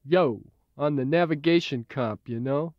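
A man voicing a relaxed, slangy tug pilot in an audiobook, heard as dull old tape. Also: fairly high pitch, measured pace, no room sound, close to an everyday voice. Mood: easygoing.

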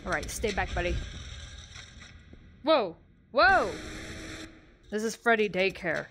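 A young woman playing horror games on her channel, gasping and reacting out loud as she goes. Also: lowish voice, fast, slight background noise. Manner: excitable, yelps and gasps. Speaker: gaming YouTuber.

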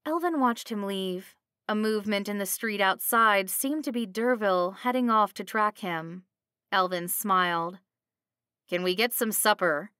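A woman narrates a fantasy tale in an even, clear storytelling manner. Her voice sits at a middle pitch. The recording is close and dry. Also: unhurried, no room sound.

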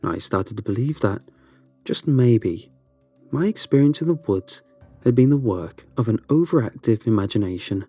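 A man reading a first-person horror story aloud, with a slow, dramatic storytelling delivery. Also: medium pitch, animated, mellow, husky, faint music behind. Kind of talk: scripted horror narration.

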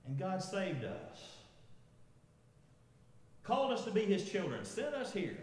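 Pastor in his 50s, kinda high voice, chuckly storytelling, big reverb-y sanctuary. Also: very animated, a little slow, long pauses, a little mellow. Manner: storytelling, chuckling, asking the congregation. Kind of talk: sermon. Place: large echoey church sanctuary. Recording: echoey church hall with long reverb.

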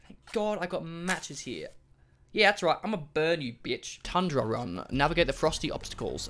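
A gaming host giving let's play commentary, excitable and swearing, swinging from mutters to shrieks. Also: mid-range voice, fairly quick.

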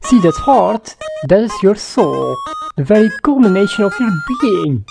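A woman's voice: medium pitch, big pitch swings, a little slow, gravelly, pitched above the performer's own voice. A woman voicing a sly, sugary male talking flower who is secretly cruel, in a sing-song chirpy way over game music.

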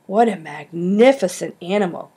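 A woman's voice: fairly low pitch, moderate pace, dark tone, breathy edge. A woman reading an audiobook, voicing an earnest, insistent schoolgirl who loves animals.

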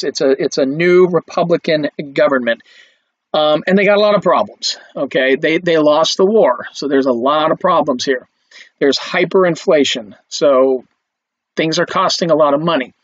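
A man with a voice on the high side delivers a recorded film history lecture in a conversational style, full of fillers and restarts. The recording is dry, dull and lo-fi, with no echo.

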